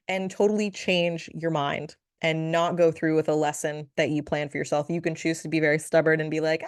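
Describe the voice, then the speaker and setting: Woman podcast host, low-ish voice, relaxed chatty monologue with giggles, dry close mic. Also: moderate pace, clear, resonant tone, no room sound. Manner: chatty, giggly, playful asides. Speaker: podcast host, spiritual reader.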